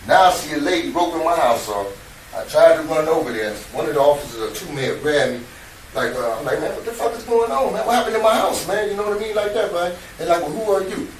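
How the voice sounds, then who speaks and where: Man, profane, rambling, interviewed by detectives, distant mic, faint background hiss. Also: medium pitch. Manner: profane, streetwise, repeats himself. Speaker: interviewee recounting events to detectives. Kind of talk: emotional casual retelling. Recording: echoey room from a distance, faint noise.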